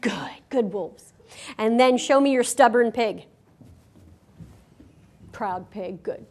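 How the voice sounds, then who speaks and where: A woman reading a picture book aloud to children at a school, expressive and animated. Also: a little high, takes it slowly, long pauses, slight background noise. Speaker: storyteller.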